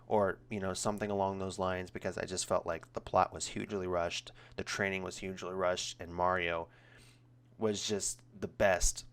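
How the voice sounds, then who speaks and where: Young man, movie reviewer, very low pitch, smooth clear tone, rambling, casual. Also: normal speed. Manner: rambling, many ums and restarts, grows animated when critical.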